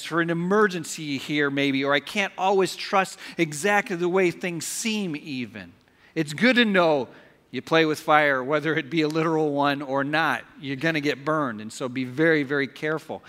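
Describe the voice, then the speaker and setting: Male pastor, high bright voice, interactive sermon with call-and-response, live church hall with long reverb. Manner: interactive, asks congregation questions and leads call-and-response. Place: church sanctuary.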